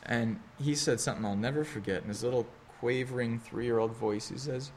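A man's voice: medium pitch, fairly quick, a little hiss or hum. Earnest conversational male preacher. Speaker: pastor. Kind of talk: sermon.

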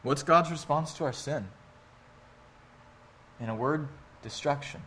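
A man's voice: on the high side, measured pace, long pauses, pushed and bright, a little hiss or hum. A man in his thirties preaching a sermon in a conversational, earnest way with wry asides. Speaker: pastor.

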